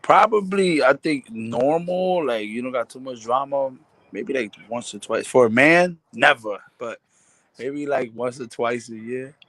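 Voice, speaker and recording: Laid-back man, mid pitch, street slang, profane, phoned-in panel guest. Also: unhurried, a bit bright, no echo. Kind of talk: casual chat. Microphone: phone on a call.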